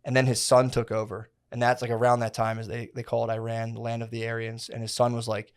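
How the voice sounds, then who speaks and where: A man's voice: mid-range voice, monotone, fast talker, few pauses, clean tone. A young man co-hosting a podcast, telling a history story in a rambling, slangy, profane way with lots of fillers. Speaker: podcast co-host. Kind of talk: casual podcast chat.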